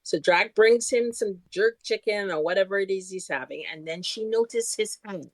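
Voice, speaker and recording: A woman's voice: medium pitch, dry recording. Woman recapping an episode, dry sound. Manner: chatty recapping with quick asides. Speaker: podcast co-host. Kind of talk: casual rewatch chat.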